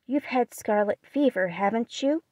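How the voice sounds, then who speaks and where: A woman voicing a gentle, shy young girl. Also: fairly high pitch, moderate pace, dry recording, close to an everyday voice. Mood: sad. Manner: soft, quiet, earnest. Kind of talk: audiobook reading.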